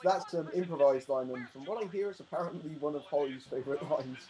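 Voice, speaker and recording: An excitable man jumping into a casual film commentary. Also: a little high, fast, a crowd in the background, low-quality recording. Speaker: cast member.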